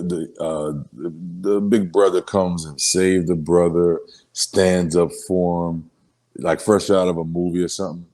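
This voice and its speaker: A rapper from New Orleans, Louisiana in a casual sit-down interview, telling emotional stories in street slang and filler phrases. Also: male voice, low-pitched, warm tone.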